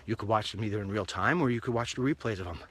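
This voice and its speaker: Upbeat bright-voiced man talking on a walk. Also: rapid-fire. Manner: chatty, rambling, upbeat pitch. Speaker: online show host. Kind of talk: casual walk-and-talk monologue. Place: outdoors, walking along a street.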